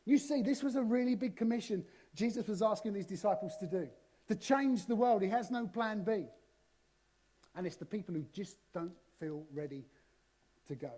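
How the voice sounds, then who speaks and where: A man, preaching a sermon in a church, telling stories with lively swings between loud and soft. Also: high voice, moderate pace. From southern England. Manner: animated storytelling, shifting loud and soft. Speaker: guest preacher.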